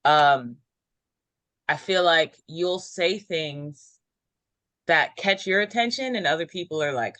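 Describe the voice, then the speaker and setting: Woman, intuitive chart reader, bright crisp tone, dry close sound, rambling delivery. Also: deep voice, slow pace, pauses often, no room sound. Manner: meandering, intuitive, many ums. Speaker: numerology reader.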